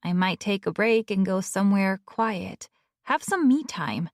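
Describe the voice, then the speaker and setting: A woman's voice: mid-range voice, lively intonation, unhurried, no echo, studio quality, close to an everyday voice. A woman voicing a young influencer reading her journal in a wistful, confiding way.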